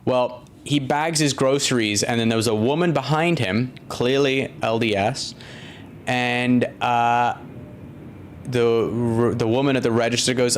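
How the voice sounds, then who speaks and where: A man of middle pitch hosting a casual stream, talking off the cuff. He rambles, stumbles over restarts and fillers, and swears freely as he chats through comments. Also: fairly even intonation, moderate pace, a little hiss or hum. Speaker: podcast host reading viewer comments. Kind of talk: casual live-stream chat.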